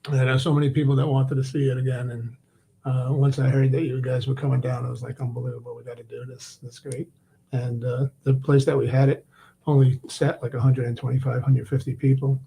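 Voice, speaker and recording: A man guest on a talk show, talking casually with a relaxed, halting manner. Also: mid-range voice, creaky. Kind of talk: casual chat.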